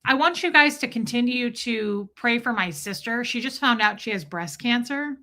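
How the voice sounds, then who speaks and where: Woman, middle-aged, livestream host, chatty, confiding, bright tone. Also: fairly high pitch, lively intonation, normal speed. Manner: chatty and confiding, greets viewers by name. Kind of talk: casual livestream chat.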